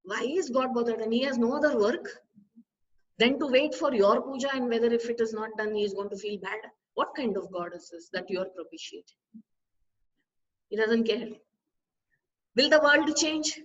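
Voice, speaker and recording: A woman, a spiritual teacher, giving an expressive discourse full of rhetorical questions to her listeners. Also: fairly high pitch, normal speed, pauses often. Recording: distant, slightly dull recording.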